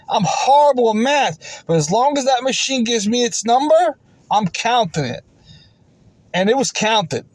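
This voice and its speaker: Aggrieved New man with a high voice. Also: dry recording, rough recording. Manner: aggrieved, repetitive, insistent; frequent stammered restarts. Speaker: vending route operator. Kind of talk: casual storytelling to camera.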